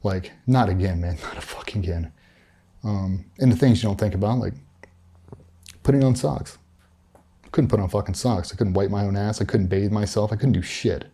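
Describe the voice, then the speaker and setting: A man's voice: lowish voice, moderate pace, mellow, husky. A middle-aged man recounting a personal story in a candid interview, blunt and matter-of-fact, with frequent swearing. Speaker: interview guest, former special operations veteran.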